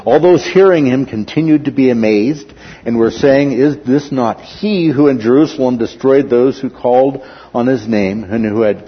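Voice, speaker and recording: Husky man teaching scripture in a hall. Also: medium pitch. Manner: explanatory, keeps checking in with "okay?". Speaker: Bible teacher. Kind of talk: verse-by-verse Bible teaching. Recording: dull lo-fi sound with long hall reverb.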